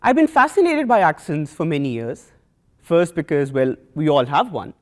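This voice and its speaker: Expressive man with a South Asian accent. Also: fairly high pitch. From Pakistan. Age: young adult. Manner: measured, earnest, with rhetorical pauses. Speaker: student speaker. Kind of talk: prepared talk to an audience.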